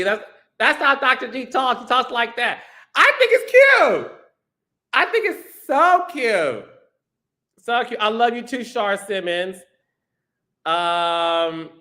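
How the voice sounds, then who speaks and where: A man's voice: fairly high pitch, a bit bright. A man hosting a live stream, reading out viewer comments in a sassy, playful way and calling people honey and child. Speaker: podcast host.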